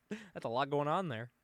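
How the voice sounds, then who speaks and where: A man's voice: on the high side, no room sound. A man co-hosting a casual comic book review podcast, laughing often and swearing casually. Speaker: podcast co-host.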